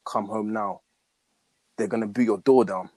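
A man's voice: lowish voice, steady tone, moderate pace, dark tone, no room sound. A young man in casual chat, recounting a story in a slangy, matter-of-fact way. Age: young adult.

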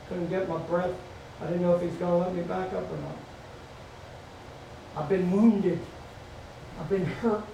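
A middle-aged pastor with a high voice preaches in a repetitive call-and-response style. He is picked up from a distance in an echoey church, with faint ambient noise behind him. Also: darkish tone. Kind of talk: sermon. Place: church sanctuary.

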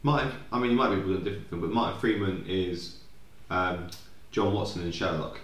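A man's voice: sits low, steady tone, quick pace, a bit bright, echoey room. A young man co-hosting a podcast, chatting casually and rambling off on tangents with plenty of swearing. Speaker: podcast co-host. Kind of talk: casual chat.

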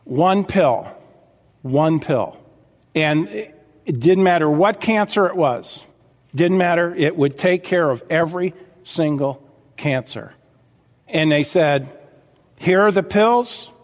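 A man preaching a sermon as pastor, fervent, dropping low and quiet and then rising sharply. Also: slow pace, long pauses, long reverb tail.

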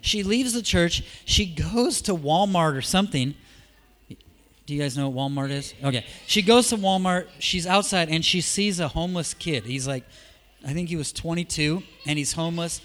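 A man preaching a sermon in a church, telling stories in a casual, conversational way, shifting from soft asides to loud emphatic peaks. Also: a little high, moderate pace. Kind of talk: sermon with storytelling.

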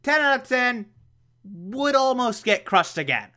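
A man's voice: extremely high pitch, sing-song, measured pace, sharp tone, voice pushed up, heavily acted. A man voicing Batman as a casual, offhand guy explaining a narrow escape in a jokey way. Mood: breezy.

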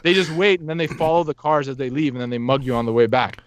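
A young man casually telling a story on a podcast, animated, laughing often and acting out what people said. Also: medium pitch, fast talker, dry recording.

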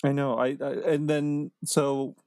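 A laid-back young man co-hosts a podcast at a middle pitch. He laughs easily and often leaves sentences unfinished. The recording is dry and close. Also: little pitch movement, unhurried, darkish tone, clear, resonant tone, dry recording. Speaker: podcast co-host. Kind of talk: casual chat.

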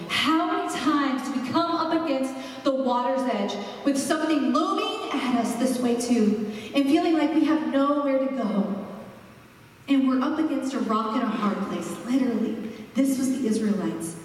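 Female preacher, fairly high voice, expressive sermon delivery, picked up from a distance in a big echoey hall. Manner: expressive, slows for emphasis. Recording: echoey hall, mic far off.

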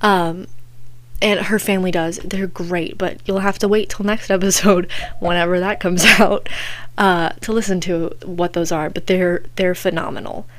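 A woman's voice: on the low side, fairly even intonation, normal speed, fairly bright tone, slight background noise. Giggly young woman chatting. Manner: giggly, chatty storytelling full of "like". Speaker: podcast host. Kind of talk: casual chat.

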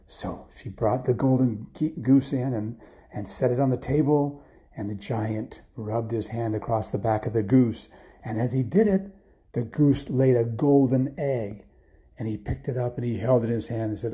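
Give me a man with a warm, dark voice telling a bedtime story, whispering at tense moments. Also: medium pitch, normal speed. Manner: animated, dropping to whispers for suspense.

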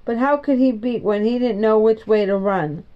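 A woman's voice: on the high side, moderate pace, natural voice. A woman reading the lines of an argumentative young boy, defensive and matter-of-fact, in a storybook. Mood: plain. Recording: dull lo-fi recording.

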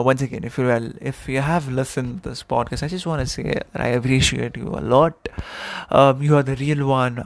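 A young man hosting a casual solo podcast, rambling and candid, with frequent fillers and restarts. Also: mid-range voice. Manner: candid and chatty. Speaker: podcast host.

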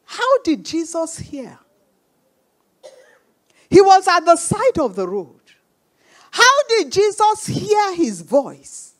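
A woman delivering a sermon in a high, animated voice that swings widely in pitch. She speaks slowly and with emphasis, repeating her phrases. She acts out the voices of the people in her stories. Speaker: preacher.

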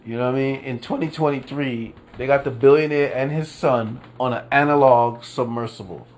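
A man's voice: mid-range voice, steady tone, a little mellow, slight background noise. A man hosting a casual solo podcast, ranting in disbelief, profane and rambling, with lots of repeats and fillers. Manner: drawn-out disbelieving emphasis. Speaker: podcast host.

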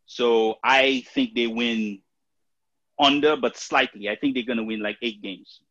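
A man chats about football picks, halting and full of fillers and restarts. His voice comes through a dull, lo-fi recording. The room sound is dead dry. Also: medium pitch, steady tone, a bit bright, no echo. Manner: hesitant, many fillers and restarts. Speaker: podcast co-host. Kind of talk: casual sports talk.

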